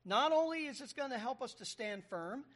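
A man's voice: very high-pitched, animated, normal speed, fairly bright tone. A man preaching a sermon, explaining Greek words as he reads and stressing key words. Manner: emphatic, explains Greek word by word. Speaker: pastor.

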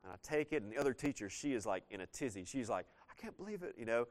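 A middle-aged man, preaching a sermon in an easygoing storytelling way and slowing down to stress key phrases. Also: on the low side. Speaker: pastor.

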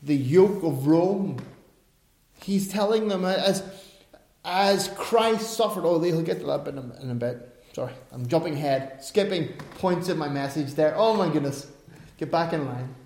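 A man's voice: on the high side, animated, measured pace, darkish tone. A middle-aged male pastor preaching a sermon, emphatic, with chatty asides and self-corrections. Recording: echoey room.

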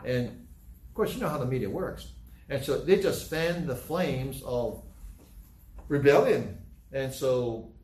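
A man's voice: medium pitch, animated, a little slow, pauses often, darkish tone, roomy sound, rough recording. A man preaching a sermon in a conversational way, acting out scenes in different voices. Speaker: pastor.

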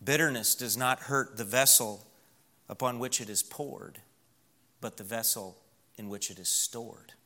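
Bright-voiced emphatic man preaching. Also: medium pitch. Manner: emphatic, slows and drops to a hush for key words. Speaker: pastor. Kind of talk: sermon. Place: church.

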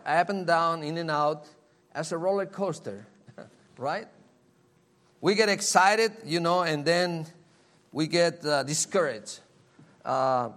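A man's voice: high voice, fairly bright tone. A man preaching a sermon, earnest and emphatic, repeating key phrases and asking rhetorical questions. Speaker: pastor.

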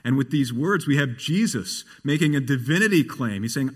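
A man's voice: mid-range voice, expressive, normal speed, hardly any pauses, a bit bright, breathy edge. A man preaching a sermon as pastor, earnest and often asking the congregation questions. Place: church. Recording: long hall reverb.

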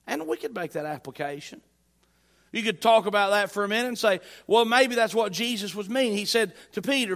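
Male pastor, high voice, emphatic church sermon delivery. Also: expressive, moderate pace, fairly bright tone. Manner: emphatic, repeats phrases with rising force.

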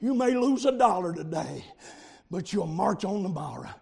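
A man preaching a revival sermon, moving from quiet storytelling to loud shouting. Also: sits high, expressive, normal speed, vocal fry, husky. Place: camp meeting with congregation. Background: congregation calling amens.

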